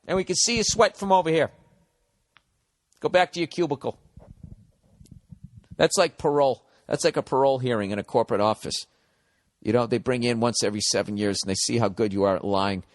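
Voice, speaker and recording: In a big-room sound, a fortyish podcast host and comedian with a Boston accent talks fast in a mid-range voice. His rambling comic advice monologue is profane and blunt, mock-harsh and then encouraging.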